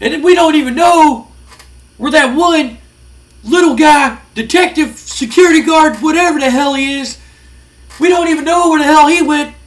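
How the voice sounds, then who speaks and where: A man putting on a brash, angry male wrestler cutting a loud, boastful promo. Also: very high-pitched, normal speed, voice pushed up. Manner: shouting, boastful trash talk.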